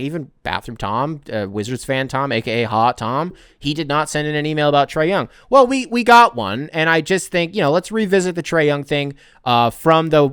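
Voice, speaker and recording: Clean studio sound and a dry recording carry this man's clear, resonant voice, a little high and fairly bright. Hosting a casual sports podcast, he rants in a heated, rambling way, swearing and often restarting his sentences.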